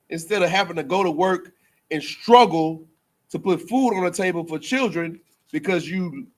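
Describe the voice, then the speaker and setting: A man's voice: on the high side, fairly bright tone. Loose, joking man preaching. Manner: loose, joking, laughs often, trails off into fillers; repeats himself, restarts mid-phrase. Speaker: teacher at a religious school. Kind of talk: preaching in casual banter.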